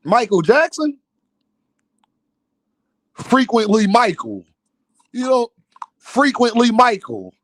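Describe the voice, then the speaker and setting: A male livestream host with a strikingly high voice roasts his chat in unhurried banter. He teases, laughs often and takes his time. The sound is dry and close. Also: wildly swooping pitch, a bit bright, no room sound. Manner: teasing, trash-talking, laughing often.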